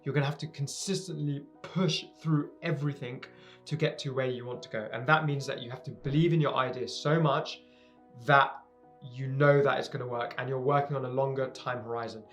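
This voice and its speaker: A man's voice: medium pitch, fairly even intonation, fairly quick, a bit bright, soft background music. Earnest young man giving pep talk. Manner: earnest, emphatic, repeats phrases for stress. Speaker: entrepreneur giving advice to viewers. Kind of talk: direct-to-camera motivational talk.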